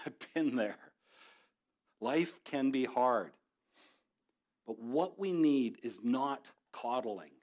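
A man's voice: medium pitch, lively intonation, slow pace, long pauses, darkish tone. Middle-aged male pastor, sermon delivery, conversational with passionate peaks. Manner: conversational, rising to passionate exhortation.

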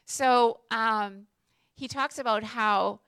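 A woman's voice: on the high side, slow, fairly bright tone, clean tone, dry recording. A woman, a prison chaplain telling a faith story in a conversational way, full of fillers and asides.

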